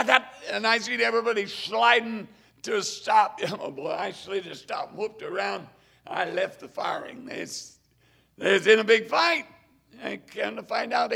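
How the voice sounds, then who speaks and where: High, gravelly older preacher man. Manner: fervent, shifts between loud exclamation and hushed asides. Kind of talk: storytelling sermon.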